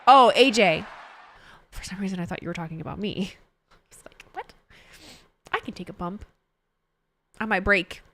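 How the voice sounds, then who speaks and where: A woman's voice: medium pitch, normal speed, long pauses, a bit bright, a little hiss or hum. A young woman streaming from home, chatting casually with her viewers, reading their messages aloud, laughing often and swearing freely. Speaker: livestreamer reacting to wrestling. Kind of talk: casual live-stream chat.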